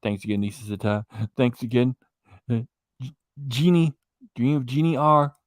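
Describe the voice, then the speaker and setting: A man's voice: medium pitch, normal speed, no room sound. Dry-voiced man mocking a clip. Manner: mocking, rambling, loses his train of thought. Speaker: reaction channel host. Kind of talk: casual commentary.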